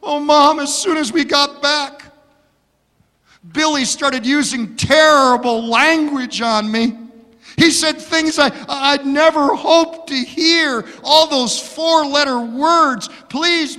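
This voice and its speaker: A distraught young bride pleads and sobs in a high, strained voice, as a male preacher acts her out in a joke. The tone is bright and sharp. A long church reverb trails every word. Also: slow pace, full character voice. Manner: high pleading sobbing delivery.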